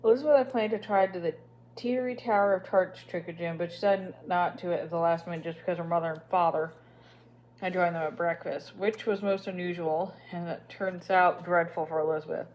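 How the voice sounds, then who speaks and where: A woman's voice: on the low side, steady tone, a little fast, dull audio. A woman reading a children's story aloud, with small slips and restarts as she goes. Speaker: audiobook reader.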